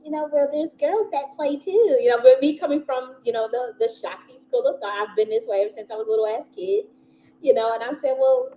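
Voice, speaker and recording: In a fairly quick, high-sitting voice, a US spiritual teacher who hosts a channel rambles through a personal story. She's chatty and laughs a lot, curses freely and fills gaps with "you know," over a slightly dull recording with a faint hiss.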